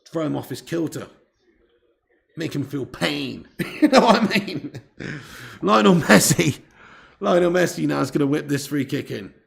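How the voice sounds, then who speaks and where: A man's voice: fairly high pitch, vocal fry. A man, hosting a live football watch-along, chatting casually, reading out viewer comments and swearing freely. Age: 30s.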